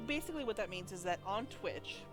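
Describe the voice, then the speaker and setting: Woman streamer, casual chat, animated storyteller, faint music bed. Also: mid-range voice, brisk. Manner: animated storyteller, acts out both sides of conversations. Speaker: Spanish teacher.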